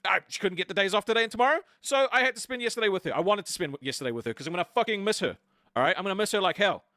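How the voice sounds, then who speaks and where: A man's voice: high-pitched, lively intonation, racing, bright, forceful tone, dry recording. A man arguing on a stream, aggrieved, defensive and swearing. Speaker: co-host of a stream. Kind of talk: heated argument on stream.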